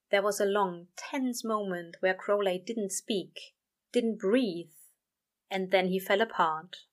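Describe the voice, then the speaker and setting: A woman reads a story aloud in a gentle, even storytelling voice. Her narration sits at an ordinary pitch for a woman and moves at a steady pace. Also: takes it slowly. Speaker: reader. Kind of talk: reading fan fiction aloud.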